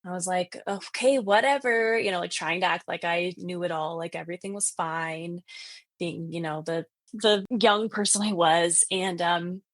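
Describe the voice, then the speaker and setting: A woman's voice: on the low side, fairly even intonation, normal speed, dry recording. A woman telling a ghost story in casual chat, full of "like" fillers, who acts out the voices she quotes. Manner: chatty, heavy on "like" fillers. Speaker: podcast guest telling ghost stories.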